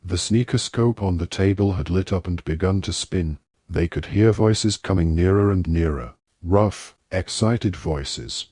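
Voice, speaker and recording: A man narrating an audiobook in a steady, even reading voice. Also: sits low, a little slow, hardly any pauses, breathy edge, dry recording, clean studio sound. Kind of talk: scripted narration.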